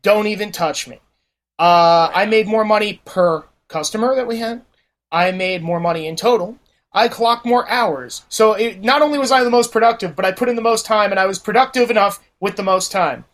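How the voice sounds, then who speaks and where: A man's voice: sits high, normal speed, fairly bright tone. A man telling stories as a podcast guest, swearing freely and mimicking the people in his anecdotes. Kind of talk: casual storytelling chat.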